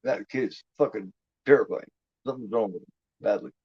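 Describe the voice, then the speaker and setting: A man's voice: fairly low pitch, fairly quick, gravelly, slightly rough, no echo. A man giving casual, rambling watch-along commentary on a movie, laid-back and heavy on swearing. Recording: dull lo-fi, dry.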